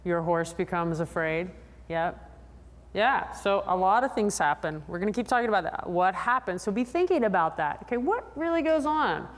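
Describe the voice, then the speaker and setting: A woman psychologist giving a lively, chatty talk to a convention audience, drawing answers from the crowd. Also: normal speed. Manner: animated, chatty, acts out riders in high voices. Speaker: sports psychologist presenter. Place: large convention hall. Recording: long hall reverb.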